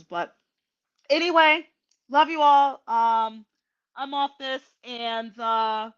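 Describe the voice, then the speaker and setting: Woman, host, slow, halting, emotional, muffled lo-fi sound. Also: mid-range voice, a bit bright. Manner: slow and halting, many ums and restarts; tearful and emotional. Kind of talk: casual heartfelt livestream talk.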